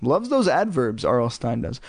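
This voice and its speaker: A man's voice: mid-range voice, big pitch swings, moderate pace, gravelly, dry recording. A man reading a children's horror novel aloud, breaking off for sarcastic, joking asides. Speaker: audiobook reader.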